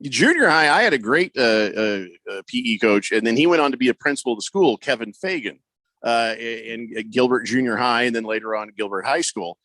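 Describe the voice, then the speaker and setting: A bright-voiced male radio host trades casual sports banter in a radio studio, animatedly telling stories and doing the voices of people he quotes. His pitch is medium and his pace fairly quick, recorded on a close studio mic with a dry sound and no room tone.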